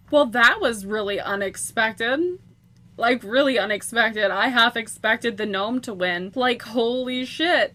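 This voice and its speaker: A high-voiced woman talks over a video game, excitable and quick to swear, her pitch leaping all over the place. She keeps an unhurried pace between loud outbursts, recorded on a home computer microphone. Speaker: gameplay commentator. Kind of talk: casual video game commentary.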